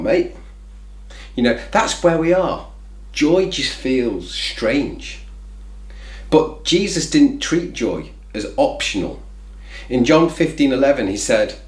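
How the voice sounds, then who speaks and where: A man's voice: mid-range voice, reverberant. A man hosting a reflective faith talk, speaking conversationally with lots of "you know" fillers. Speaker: faith video host.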